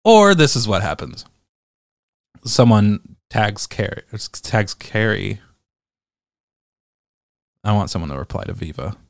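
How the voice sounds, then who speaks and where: A man's voice: on the low side, sing-song, takes it slowly, gravelly, pauses often, dry recording. Male commentator, casual rant, profane and exasperated, dry studio sound. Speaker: commentator reading online comments.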